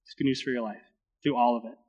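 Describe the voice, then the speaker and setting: A man's voice: mid-range voice, steady tone, fast talker, a little mellow, breathy edge, highs cut off. A man preaching a sermon as pastor, leading communion and prayer with earnest, repetitive cadences. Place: church sanctuary. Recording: long hall reverb.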